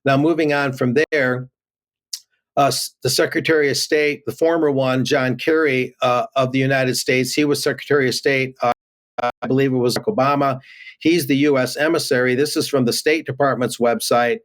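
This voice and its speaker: A man's voice: mid-range voice, steady tone, moderate pace. A man giving remote news commentary, reading headlines aloud with many fillers and restarts.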